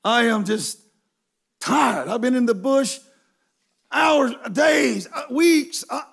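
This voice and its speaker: A man preaching a humorous storytelling sermon to a live congregation in a large church, folksy and emphatic, breaking into shouts. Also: very high voice, slow pace, gravelly, long pauses, slightly rough. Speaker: guest preacher.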